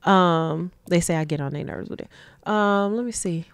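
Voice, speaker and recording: A woman from Detroit with a smooth, resonant voice sitting lower than most. She talks easily as an interview guest, relaxed and quick to laugh. The sound is close and dry. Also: no echo. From Detroit, USA. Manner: relaxed storytelling, laughs often. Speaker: guest, community advocate. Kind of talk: casual interview conversation.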